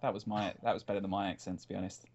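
A man co-hosting a casual podcast, playful and quick to laugh. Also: low-pitched, flat delivery, darkish tone, a little hiss or hum. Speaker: podcast co-host. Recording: dull lo-fi podcast audio.

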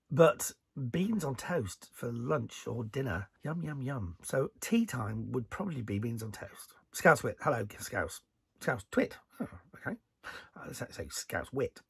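A middle-aged man from northern England chatting casually as he answers viewer questions, lively and joking between answers. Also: medium pitch, creaky, slightly rough, no room sound. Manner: chatty, animated, jokey asides. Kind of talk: casual Q&A chat.

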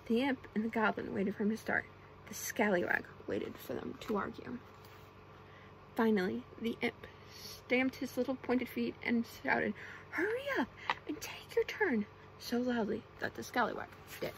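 A soft-spoken woman reads a bedtime storybook in an ASMR style, close to the microphone. Her voice sits a little high with a gravelly fry, and she reads gently and slowly, adding brief asides to the listener. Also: fairly even intonation, slight background noise, poor audio.

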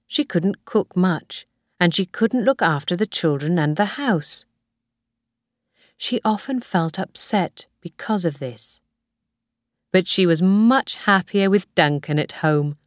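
A woman narrating a graded reader story in a slow, clear, careful way. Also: on the low side, lively intonation, dry recording, studio quality. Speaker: audiobook narrator.

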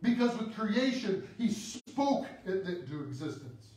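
A man, a priest, delivering a sermon with slow, dramatic preaching that rises and falls sharply. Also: high-pitched, big pitch swings, a little mellow. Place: church. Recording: echoey church, voice from far off.

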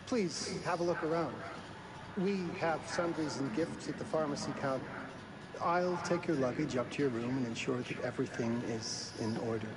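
An actor playing a courteous middle-aged hotel owner who speaks in a polished, formal way. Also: male voice, medium pitch, moderate pace, very noisy, close to an everyday voice.

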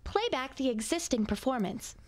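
A woman narrating a game tutorial with calm instructions. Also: high-pitched, normal speed, no echo.

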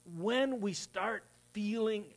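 Man preaching a lively sermon. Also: slow, creaky. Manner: storytelling, acts out quoted voices with rising pitch. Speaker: pastor. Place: church sanctuary.

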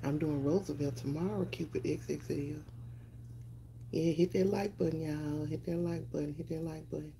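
Brief: laid-back woman streamer on a phone, low, gravelly and dark voice, chatty. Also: steady tone, normal speed, a little hiss or hum. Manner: loose, chatty, greets viewers by name, swears casually. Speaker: live stream host. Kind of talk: casual live stream chat.

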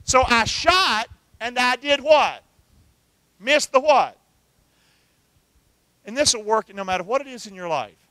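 High-voiced, bright preacher man. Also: no room sound. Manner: call-and-response preaching, asks the congregation to answer. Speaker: pastor. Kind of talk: sermon.

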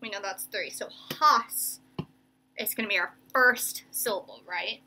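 A young woman teacher giving a remote reading lesson to children, slowly stretching out each word as she sounds it. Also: mid-range voice, pushed and bright, a little hiss or hum. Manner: slow, stretched-out sounding of words.

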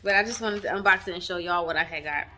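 Bright-voiced woman vlogging. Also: on the low side, fast, a little hiss or hum. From Texas. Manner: warm, chatty, addresses viewers as y'all; emotional, near tears at times. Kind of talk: casual chat. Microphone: camera mic on tripod.

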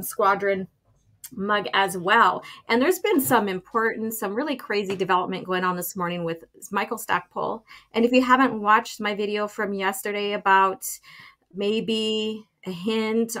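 Woman, host, bright tense voice, friendly, laughs often, casual chat. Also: medium pitch.

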